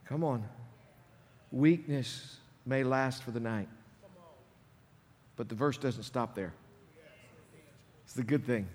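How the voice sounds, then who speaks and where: A man preaching a sermon as pastor, animated, swinging between loud, emphatic lines and hushed ones. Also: mid-range voice, takes it slowly, pauses often. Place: church sanctuary. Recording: long reverb of a large hall.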